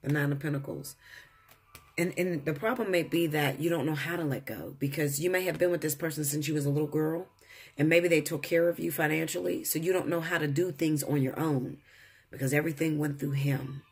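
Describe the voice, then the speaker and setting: A man's voice: a little high, steady tone, fairly quick, slightly rough. A man giving a casual tarot reading to his viewers, blunt and profane, lecturing them. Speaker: tarot reader.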